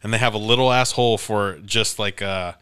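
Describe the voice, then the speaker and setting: A man co-hosting a podcast, telling a story in casual chat, animated and profane, acting out the people he quotes. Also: fairly low pitch, fairly quick, clear, resonant tone. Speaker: podcast co-host.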